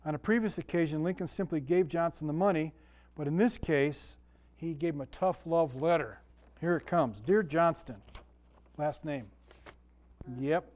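Speaking at a normal speed, a man with a somewhat high, slightly mellow voice teaches a homey Bible lesson. As a Sunday school teacher, he's chatty, tells stories, and often turns questions back to the room.

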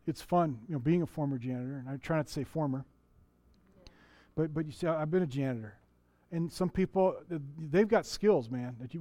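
Preaching in church, a middle-aged man talks to his congregation conversationally, asking them questions and often beginning sentences again. His voice is fairly high and mellow, with no echo.

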